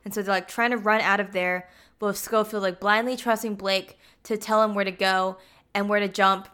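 A woman with a mid-range, steady, sharp, clear and resonant voice casually recaps a film's plot at normal speed. She's chatty and uses "like" as a filler constantly.

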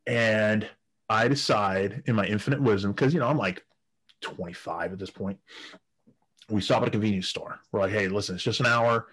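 Guy with a lowish voice rambling through a crude story on a podcast, keeps cracking up. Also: moderate pace, a bit bright, breathy edge. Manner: laughs often while telling crude anecdotes, many restarts. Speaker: guest storyteller.

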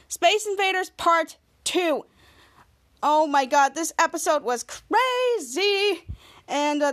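A woman hosting a podcast, recapping a TV episode in a gushing, excitable way. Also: sits high. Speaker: podcast host.

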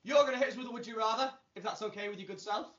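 Bright high-voiced man hosting. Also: racing. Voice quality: giggly, teasing. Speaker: podcast host. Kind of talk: comedy podcast chat. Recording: slightly dull lo-fi sound.

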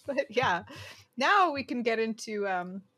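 A woman's voice: on the high side, big pitch swings, slow pace, over a noisy crowd. A woman co-hosting a podcast in casual chat, giggling often and trailing off with fillers. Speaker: podcast co-host.

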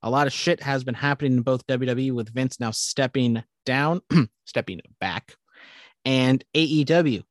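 A man's voice: medium pitch, normal speed, dry recording, clean studio sound. Rambling young man on a podcast. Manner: rambling, swears casually, many restarts. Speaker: podcast co-host. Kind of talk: casual chat.

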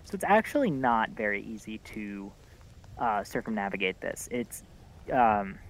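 A man narrating as game master in a relaxed way, with many fillers. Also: fairly low pitch, a little slow, slight background noise.

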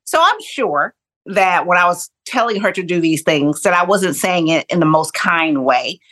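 Middle-aged woman coach, fairly low voice, animated storyteller who acts out quoted lines. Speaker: kindness coach and speaker. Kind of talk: personal storytelling interview.

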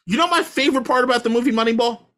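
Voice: medium pitch, rapid-fire, pushed and bright. A sports podcast host in casual talk, ranting in a heated, profane way and hammering points home by repeating them. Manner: emphatic repetition.

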